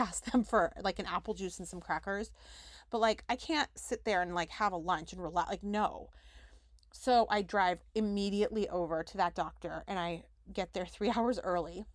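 A young adult woman with a mid-range voice hosts a podcast, casually telling a story packed with "like" as she reenacts conversations. Her tone is chatty, and the recording is dry with clean studio sound.

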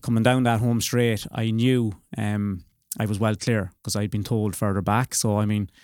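A man's voice: fairly low pitch, level tone, moderate pace, darkish tone, no room sound, clean studio sound. An Irish man being interviewed on a podcast about winning a race, easygoing and modest, with frequent ums. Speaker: podcast guest, race winner. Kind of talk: casual interview.

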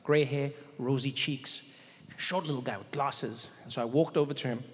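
A man telling stand-up stories on stage, animated and jumping quickly into character voices. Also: mid-range voice. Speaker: stand-up comedian. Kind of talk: stand-up storytelling. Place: large theater stage. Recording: live in a large hall with faint noise.

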